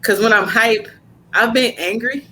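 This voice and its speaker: A woman's voice: a little high, measured pace, a little hiss or hum. Brassy-toned woman hosting a podcast, blunt. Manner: blunt, animated storytelling with slang. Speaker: podcast host. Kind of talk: casual podcast chat.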